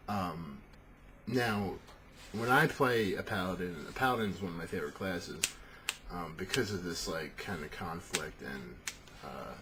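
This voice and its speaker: A man with a lowish voice rambles through a casual monologue about tabletop gaming. He swears freely and is animated. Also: background noise. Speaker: tabletop game talker.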